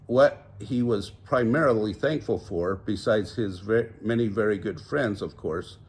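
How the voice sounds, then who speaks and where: An older man reading a children's picture book aloud, gently voicing each character. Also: fairly low pitch, breathy edge. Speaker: storybook reader.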